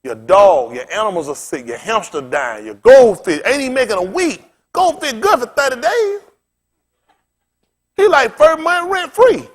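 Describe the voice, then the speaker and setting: High, lively-voiced male pastor preaching. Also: normal speed. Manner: animated, colloquial, often laughing while telling stories. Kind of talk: sermon with humorous storytelling.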